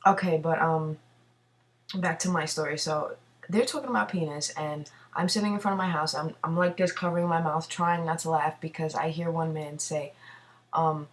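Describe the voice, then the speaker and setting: A young woman tells a story in a rambling, profane, animated way, sitting at a computer in her home bathroom. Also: low-pitched, moderate pace, far from the mic. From New York City. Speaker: vlogger. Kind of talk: casual storytelling. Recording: voice from away from the mic.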